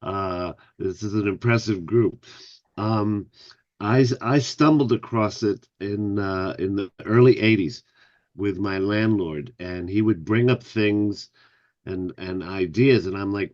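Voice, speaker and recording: A man's voice: on the low side, a little slow, darkish tone, highs cut off. A man in his sixties introducing himself to an online class with a rambling personal story, often restarting his sentences. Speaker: class participant.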